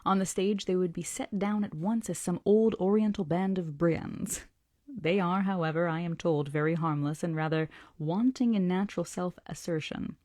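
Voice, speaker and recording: Woman reading a novel aloud, hushed. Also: on the low side, no room sound, clean studio sound. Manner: slow, deliberate, dips into whispers. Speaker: book club host reading aloud.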